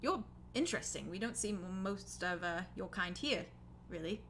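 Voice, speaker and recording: Woman doing a polite young drow innkeeper, hesitant and rambling, bright voice, tabletop game scene. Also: medium pitch, animated, moderate pace, a little hiss or hum. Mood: halting.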